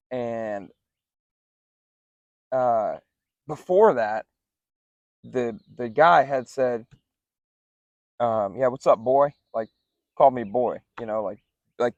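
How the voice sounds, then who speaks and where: A young man telling a story casually as podcast co-host, loose and animated, with lots of "like" and "dude". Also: mid-range voice, dry recording, lo-fi sound. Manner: animated, acts out other people's lines in raised voices; laid-back, says "like" and "dude" a lot.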